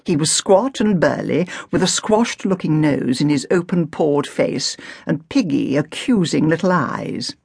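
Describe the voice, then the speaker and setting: A woman narrating an audiobook novel with crisp, expressive storytelling and a gravelly, husky voice. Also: sits low, measured pace, hardly any pauses, no room sound, clean studio sound. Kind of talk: scripted narration.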